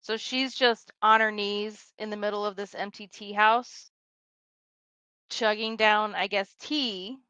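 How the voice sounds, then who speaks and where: A woman's voice: medium pitch, fairly even intonation, takes it slowly, sharp tone, clear, resonant tone, no room sound. A woman playing a tabletop game, describing her character's actions in first person. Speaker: player. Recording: slightly dull lo-fi mic.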